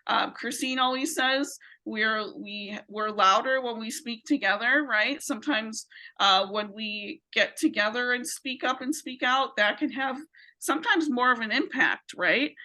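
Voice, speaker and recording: A woman runs an online workshop over a video call. Her voice sits a little high and rings bright and clear. She guides the group patiently, checking in often to keep everyone along. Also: low-quality recording. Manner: encouraging, checks in with "right?". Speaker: training facilitator. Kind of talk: virtual training lesson.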